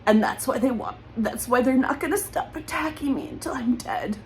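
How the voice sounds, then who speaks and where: A woman's voice: high voice, moderate pace, faint music behind, rough recording. Tearful, accusatory woman. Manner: accusatory, repetitive, near tears. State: close to crying. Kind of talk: emotional personal monologue.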